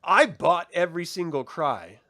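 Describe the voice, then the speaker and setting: A man's voice: fairly high pitch, expressive, a little slow, pushed and bright, no room sound, studio quality. A man co-hosting a casual TV review chat, swearing freely, laughing often and acting out the characters' lines. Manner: profane, laughing, acts out quotes. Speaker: co-host reviewing a TV episode.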